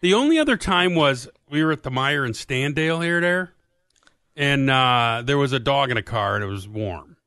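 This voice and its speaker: A man's voice: medium pitch, animated, moderate pace, pushed and bright, dry recording, clean studio sound. A man co-hosting a talk show, bantering playfully and teasing his co-hosts. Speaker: radio show co-host. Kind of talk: casual chat.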